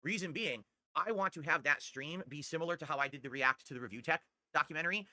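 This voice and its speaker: A man's voice: fairly high pitch, fast talker, pushed and bright, no echo. A man hosting his livestream, talking into a desktop condenser mic at home and ranting in a brash, boastful way. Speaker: streamer host. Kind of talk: casual podcast-style livestream monologue.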